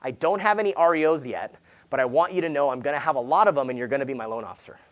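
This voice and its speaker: A man from Southern California giving a motivational talk at a sales summit, telling stories casually, full of "like" and "right?", and acting out quoted lines with sudden loud jumps. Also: racing. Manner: animated, acts out quoted dialogue with big jumps in pitch and volume. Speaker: real estate agent speaking at a sales summit. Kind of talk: energetic motivational keynote storytelling.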